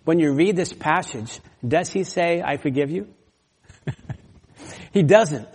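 Man preaching, earnest, emphatic, slightly high voice, echoing church hall. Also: slow, a little mellow, husky. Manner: earnest, emphatic, with small laughs and restarts. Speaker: pastor. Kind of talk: sermon. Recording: long hall reverb.

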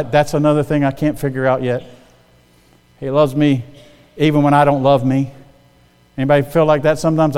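Older male guest preacher, slightly high voice, chatty sermon style, long church reverb. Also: a little mellow, clean tone. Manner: conversational, often checking in with the congregation.

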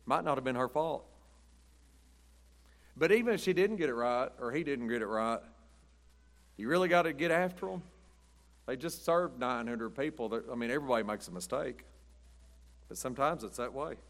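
A man's voice: mid-range voice, a bit bright. A middle-aged man preaching a chatty sermon, telling rambling stories and laughing at his own jokes. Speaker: pastor. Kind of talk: folksy storytelling sermon.

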